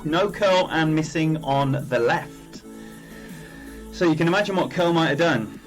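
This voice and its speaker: A man's voice: on the high side, animated, a little slow, soft background music. A man commentating on his own game play during a live stream, chatty and rambling as he greets viewers by name.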